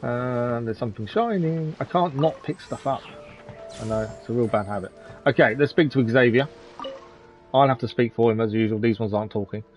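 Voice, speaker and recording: A man's voice: medium pitch, a little fast, a little mellow, soft background music. A man commentating casually on a live game stream, chatty and chuckling often as he answers his chat.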